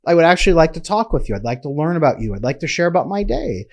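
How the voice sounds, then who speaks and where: A man's voice: on the high side, very animated, fast, creaky, highs cut off, voice pushed up, heavily acted. A man voicing an anxious woman who earnestly pleads for more commitment in a relationship. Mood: pleading.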